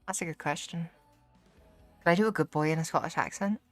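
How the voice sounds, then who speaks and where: A woman's voice: low voice, a little fast, faint music behind. A woman livestreamer chatting casually with her viewers, blunt and profane, with many fillers, and joking about herself when she tries accents. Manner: self-deprecating when trying accents. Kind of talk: casual live-stream chat.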